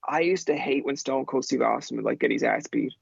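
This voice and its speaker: A man from Newfoundland in his thirties, a podcast guest telling stories in an animated, profane way and acting out the people in them. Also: medium pitch, a little fast, gravelly, slightly rough, no room sound, lo-fi sound. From Newfoundland, Canada. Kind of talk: casual storytelling chat.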